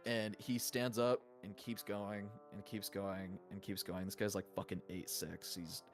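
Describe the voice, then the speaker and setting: A man's voice: lowish voice, flat delivery, measured pace, soft background music. A young man narrating as game master, rambling loosely with lots of fillers and swearing.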